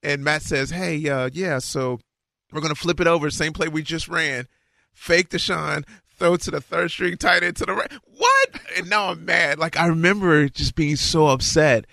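Man, storyteller, animated, voices his own lines, dry close sound. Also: normal speed, gravelly, no echo. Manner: animated, acts out dialogue with rising pitch. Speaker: guest recalling his football career. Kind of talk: casual storytelling.

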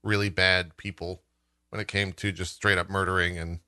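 A man co-hosting a podcast, laid-back in casual chat and quick to laugh along. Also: low voice, flat delivery, pushed and bright, smooth, dry recording, clean studio sound. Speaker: podcast co-host.

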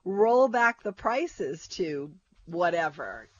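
A woman's voice: on the low side, sing-song, slow pace, no echo. A woman co-hosting a food radio show, chatting casually and stating opinions emphatically. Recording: dull, lo-fi radio broadcast.

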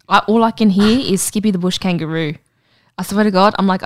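A woman's voice: mid-range voice, fast. A young adult woman with an Australian accent, co-hosting a podcast in casual chat, telling stories bluntly with plenty of swearing. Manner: blunt, sweary, animated storyteller. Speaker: podcast co-host.

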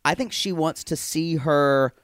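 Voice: mid-range voice, unhurried, dry recording, studio quality. A co-host of a reality TV recap podcast, chatting casually with wry remarks. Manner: wry, chiming in, mimics shouting.

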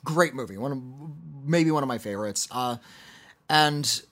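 A man's voice: mid-range voice, a little slow, fairly bright tone. A middle-aged man co-hosting a podcast, reading listener letters and rambling casually with restarts. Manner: rambling, self-correcting, quoting movie lines. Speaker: podcast co-host.

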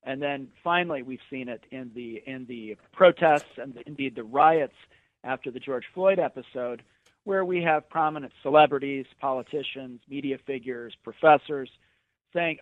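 Animated man on a tinny phone line. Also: mid-range voice, moderate pace, no room sound. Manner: animated storyteller, mocking quoted voices. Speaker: guest commentator. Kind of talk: phone-in radio interview.

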